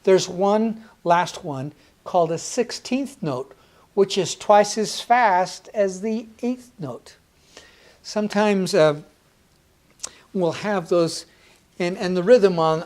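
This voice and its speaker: Slow-spoken woman teaching music rhythm. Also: on the low side, darkish tone. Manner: counts beats aloud and chants rhythm syllables; encouraging, plainspoken. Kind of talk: slow, patient music lesson with counting aloud.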